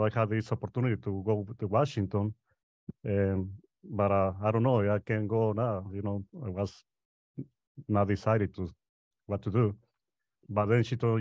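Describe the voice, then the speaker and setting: A man's voice: fairly low pitch, dry recording. A Spanish-speaking man from Mexico with a Mexican accent, a roofing worker telling his story hesitantly, with a lot of "you know". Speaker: roofing worker, panel guest. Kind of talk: casual panel chat. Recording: dry, muffled audio.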